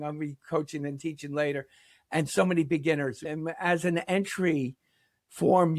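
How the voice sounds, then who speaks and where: An older man from New York speaks as a podcast guest, his voice sitting a touch high for a man. He tells rambling stories and animates the quotes inside them. The sound is dry and close. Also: no room sound. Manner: rambling, animated storyteller who acts out quotes. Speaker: podcast guest, pickleball league founder. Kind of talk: casual interview storytelling.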